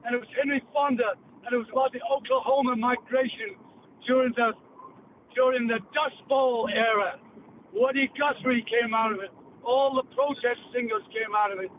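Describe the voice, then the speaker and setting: A man's voice: extremely high pitch, steady tone, moderate pace. Profane older English man on phone. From England. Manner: profane, blunt, storytelling. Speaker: guest. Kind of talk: heated call-in rant. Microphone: phone line. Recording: tinny phone line with faint noise.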